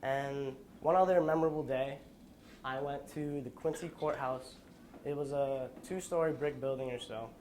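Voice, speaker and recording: A young man giving a school presentation, telling a personal story in an earnest, halting way with restarts, sounding tired. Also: medium pitch, a little mellow, slight background noise. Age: young adult. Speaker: student presenter.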